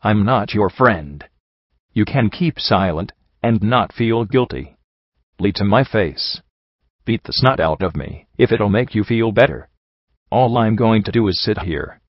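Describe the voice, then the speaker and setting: A man's voice: fairly low pitch, lively intonation, a little slow, no echo. A man voicing a blunt, dry-witted pony mare. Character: blunt, snarky adult female pony mare. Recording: dull, dry home recording.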